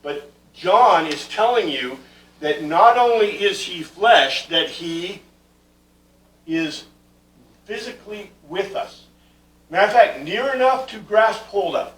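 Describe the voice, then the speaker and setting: A man's voice: high-pitched, expressive, slow pace, a bit bright. A man teaching a Bible class, lecturing conversationally with fillers and restarts and putting questions to his students. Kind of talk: classroom lecture on Greek word meanings. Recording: echoey room, mic far from the speaker.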